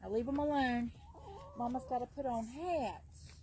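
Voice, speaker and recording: A woman's voice: on the high side, a little slow, darkish tone, rough recording. A woman filming her backyard chickens on a phone, coaxing and chuckling as she talks to her hens. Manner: doting, coaxing talk to her animals, chuckling often. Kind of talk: casual home video chat. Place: outdoors in a backyard chicken yard. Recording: outdoor recording with clear background noise.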